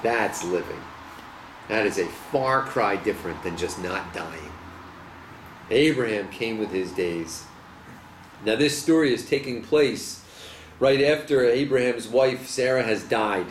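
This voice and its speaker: A man's voice: on the low side, measured pace, background noise. A man, a rabbi, teaching a Torah class to a small live group, reading verses and questioning his listeners with energy. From United States. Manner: animated, poses questions to listeners. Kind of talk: Torah study lesson, reading verses and explaining. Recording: echoey room with faint ambience.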